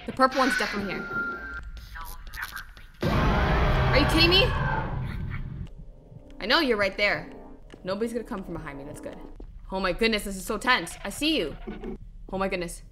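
A woman's voice: mid-range voice, lively intonation, fast talker. A young woman streaming a video game, chatting to her viewers in casual gameplay commentary full of exclamations. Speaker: gaming streamer. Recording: music playing behind.

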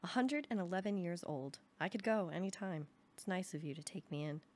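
A woman's voice: on the low side, animated, brisk, a little mellow. Lady putting on a super old guy w/ an old-country accent, blunt and unbothered, storybook reading. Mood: matter-of-fact. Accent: put-on old-country accent. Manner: matter-of-fact, unbothered. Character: 111-year-old man from the old country, blunt and cheerful.

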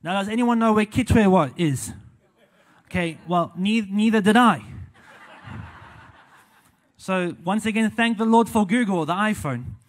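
A young South African man preaching as an evangelist in a church, animated and full of hallelujahs and amens, walking around as he speaks. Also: sits high, a little slow, pauses often. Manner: walks around while preaching. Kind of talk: sermon.

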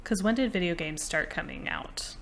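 A young woman co-hosting a gaming podcast in casual chat, speaking in a measured, reflective way with soft fillers. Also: lowish voice, huge pitch swings, vocal fry, a little hiss or hum. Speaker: podcast co-host.

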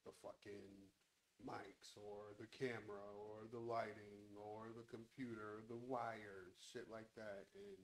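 A man's voice: fairly low pitch, flat delivery, slow, slight background noise, rough recording. A man hosting a casual podcast chat from a home studio, talking in a laid-back way with lots of swearing into a handheld mic. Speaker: podcast host.

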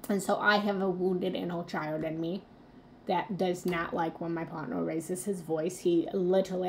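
Earnest woman with a gravelly edge. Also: mid-range voice, darkish tone, slight background noise. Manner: earnest, confessional, addresses viewers directly. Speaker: spiritual coach hosting a live stream. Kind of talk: live motivational talk.

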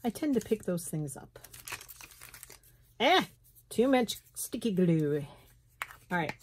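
A middle-aged woman with a slight Southern US lilt, chatting and thinking aloud as she works on a craft journal in her sunroom, with soft laughs. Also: fairly low pitch, very animated, slow, slight background noise. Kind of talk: casual craft tutorial chat. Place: home sunroom, indoors.

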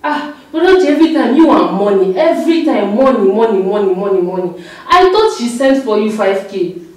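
A woman's voice: medium pitch, very animated, fairly quick, a little mellow, close to an everyday voice. An actress playing a young woman who pleads with a relative on the phone, exasperated and repeating herself. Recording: very echoey room from a distance.

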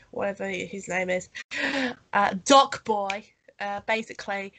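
A woman's voice: mid-range voice, steady tone, measured pace, fairly bright tone. Woman co-host, stuffy and nasal from a cold, chatty and rambling, coughs now and then. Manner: rambling, full of fillers and restarts, coughing. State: has a cold. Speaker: podcast co-host. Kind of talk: casual chat reviewing a holiday special.

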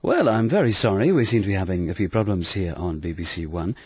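A man delivering a mock on-air apology announcement in a smooth, polished announcer manner. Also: low-pitched, lively intonation, fast talker, noisy background. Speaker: continuity announcer.

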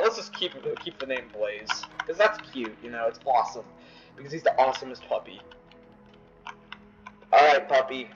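A young man giving excitable, profane let's-play commentary, yelling at the game. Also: mid-range voice, muffled recording. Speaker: gamer.

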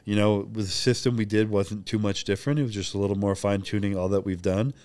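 Fast-talking low-voiced young man, reflective. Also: steady tone, darkish tone. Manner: reflective, reenacts conversations in quick bursts. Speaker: podcast guest. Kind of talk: candid interview conversation.

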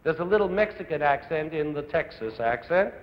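A man's voice: on the high side, lively intonation, brisk. A man giving an earnest, rhetorical music lecture to a young audience, building his points in long lists. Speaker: conductor and music educator. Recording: dull old broadcast audio in a large hall.

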